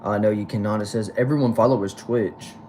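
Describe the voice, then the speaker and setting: A man with a Texan accent reading viewer comments aloud quickly on a casual livestream from a back shed, answering each with a short reply. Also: lowish voice, steady tone, a little mellow. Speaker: livestream host reading chat. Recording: noisy background hum.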